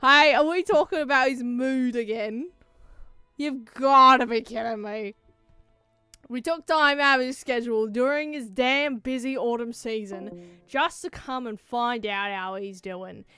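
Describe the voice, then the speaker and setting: Loud cranky guy, fed up and blunt, a woman putting him on, high clear voice, dry sound. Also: measured pace, dry recording, soft background music. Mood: exasperated. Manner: loud, swearing, exasperated.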